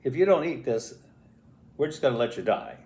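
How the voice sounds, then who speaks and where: A man's voice: medium pitch, sing-song, brisk, a little mellow. An older man voicing his practical, no-nonsense sister, who scolds a pet in a firm tone. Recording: roomy echo.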